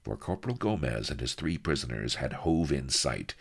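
A man's voice: extremely low pitch, big pitch swings, moderate pace, creaky, husky. A man narrating a comic adventure story in a wry, theatrical style.

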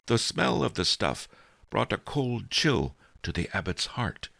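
Gravelly man narrating an audiobook. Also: medium pitch, fairly bright tone, no echo. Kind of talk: first-person scripted narration.

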